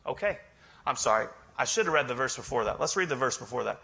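A man's voice: medium pitch, animated, quick pace, vocal fry, pushed and bright. A male pastor preaching a sermon in a joking, conversational way, teasing his congregation. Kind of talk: humorous sermon.

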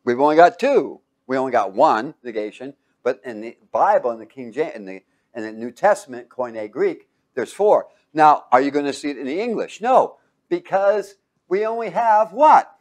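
Male Bible teacher, mid-pitched, excitable, quizzes his class with fill-in-the-blank questions. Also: normal speed. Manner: excitable, with sudden exclamations.

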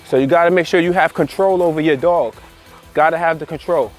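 A man with a slightly higher than average voice explains dog training in a loose, conversational way, circling back over his points and checking in with "all right?" He breaks off now and then to give his dog short commands. Faint music plays underneath. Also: a little fast. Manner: conversational, repeats phrases, frequent "all right" and "you know". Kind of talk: casual instructional talk to camera.

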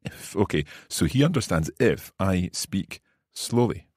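A man hosting a podcast language lesson, asking questions and repeating phrases slowly in casual chat. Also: sits low, very animated, a little mellow, slightly rough, no echo, clean studio sound. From Scotland. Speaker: podcast host and learner.

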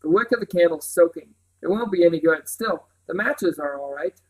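A man's voice: on the high side, animated, moderate pace, slightly rough, poor audio. A man reading aloud, voicing a confident, slightly smug older brother. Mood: disappointed.

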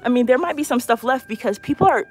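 A woman walks through a big store on a handheld phone, chatting excitedly to her live viewers. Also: high-pitched, fast, husky, faint music behind. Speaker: shopping vlogger. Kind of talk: live-stream store walkthrough. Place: large retail store indoors.

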